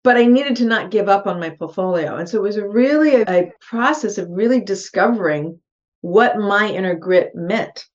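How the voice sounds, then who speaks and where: A woman's voice: mid-range voice, moderate pace. Earnest middle-aged woman telling her story. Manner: earnest, animated, acts out her own thoughts in quotes. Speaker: podcast guest, real estate investor. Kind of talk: personal storytelling in an interview. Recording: slightly dull, muffled podcast audio.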